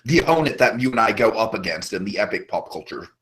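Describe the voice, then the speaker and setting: Upbeat bright-voiced male podcast host. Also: fairly low pitch, lively intonation, fast talker, slightly rough, poor audio. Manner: enthusiastic, rambling, with frequent restarts. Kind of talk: casual chat.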